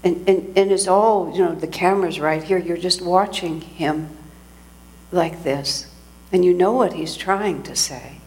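A woman's voice: fairly low pitch, measured pace, darkish tone. A woman giving a sermon as a spiritual teacher, telling a story reflectively and often restarting her sentences.

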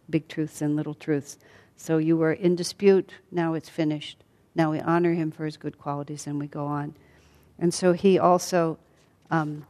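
A woman teacher retelling a story in a calm, reflective way with soft fillers. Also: low voice. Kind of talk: storytelling lesson. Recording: long hall reverb.

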